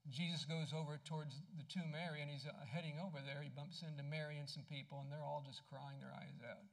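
A man preaching a sermon in a conversational way, asking his congregation questions and dropping soft and low when he tells personal stories. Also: fairly even intonation, fast. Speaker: pastor.

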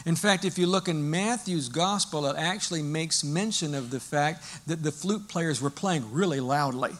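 A male pastor preaching a sermon in a lively, storytelling way, explaining as he goes. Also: fairly high pitch, normal speed.

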